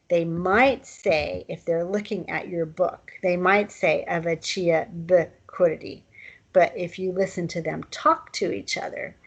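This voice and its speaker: A woman teaching a language lesson, explaining pronunciation and sounding out words slowly. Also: fairly low pitch, vocal fry, husky, lo-fi sound.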